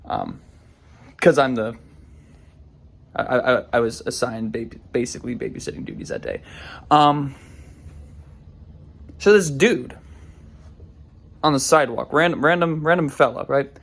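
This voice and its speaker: A man's voice: mid-range voice, unhurried, gravelly, long pauses, fairly bright tone. A man telling a story casually, rambling with frequent restarts and self-deprecating humor. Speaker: vlogger.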